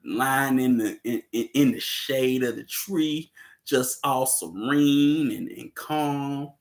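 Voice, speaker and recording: Slow, gravelly-voiced man chatting casually. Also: mid-range voice. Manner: laid-back, laughs often, many fillers. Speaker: host discussing a film. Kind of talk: casual livestream film discussion.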